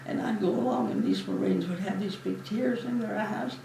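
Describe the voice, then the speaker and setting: A former Navy nurse in her eighties tells her memories at a moderate pace in a mid-range voice. In this reminiscing interview she comes across as warm and chatty, laughing often. Expect a bit of hiss or hum, an echoey space, and a mic set far away.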